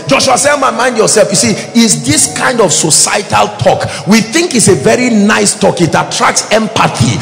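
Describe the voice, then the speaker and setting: A man preaching a sermon to a congregation, animated, with call-and-response questions and acted-out quotes. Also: high-pitched, moderate pace, creaky, few pauses. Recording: echoey hall with faint music.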